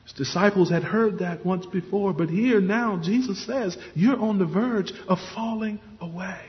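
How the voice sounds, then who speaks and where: A man's voice: high-pitched, moderate pace. A man preaching a sermon, earnest and emphatic, often repeating words as he stresses a point. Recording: dull lo-fi sound with long hall reverb.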